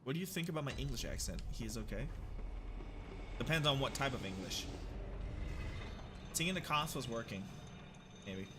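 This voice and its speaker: A young American man chatting casually with viewers while he plays, jokey and animated, now and then shouting at the game. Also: medium pitch, moderate pace, pauses often, background noise. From United States. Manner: jokey, animated, reads chat aloud, bursts into shouts at the game. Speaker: livestreamer. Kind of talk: casual gameplay chat with viewers.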